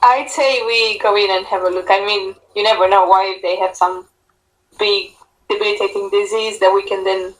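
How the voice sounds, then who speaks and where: A woman playing a tabletop game, chatty and quick to joke and laugh. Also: mid-range voice, steady tone, low-quality recording. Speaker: player. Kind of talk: casual tabletop game chat.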